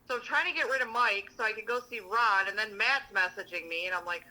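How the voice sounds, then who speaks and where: Woman podcast co-host, gossipy and profane storyteller, tense bright tone. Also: medium pitch, fairly even intonation, fairly quick, low-quality recording. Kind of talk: casual storytelling chat.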